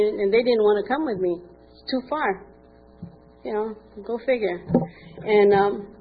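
Older woman, candid testimony at a meeting, vivid quoted dialogue, tinny lo-fi line, faint hiss. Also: medium pitch. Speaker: speaker sharing at a recovery meeting. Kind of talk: personal testimony. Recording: tinny phone-like recording with faint noise.

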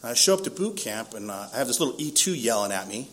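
A man's voice: medium pitch, big pitch swings, fast talker, a bit bright, a little hiss or hum. A man in his fifties from San Diego, telling his own story in a casual, self-mocking way and laughing often. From San Diego, East County. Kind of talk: casual first-person storytelling.

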